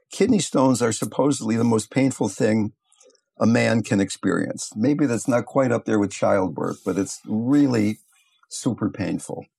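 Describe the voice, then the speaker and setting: An older man teaching meditation, telling stories in a calm, unhurried, reflective way. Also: lowish voice, vocal fry, husky. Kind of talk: teaching talk with storytelling.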